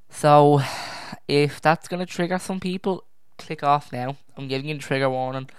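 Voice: mid-range voice, fairly even intonation, moderate pace, clear, resonant tone, dry recording. A young adult hosting a true crime podcast in a casual, rambling way, often correcting themself, sighing and dropping to a near whisper at times, on their own podcast mic. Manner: rambling, self-correcting, easily distracted. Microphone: own podcast microphone.

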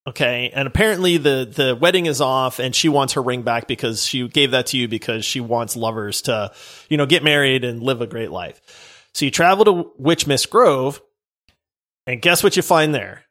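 A male podcast co-host in casual chat, telling an excitable story and acting out scenes. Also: mid-range voice, normal speed. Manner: excitable, acts out scenes in voices.

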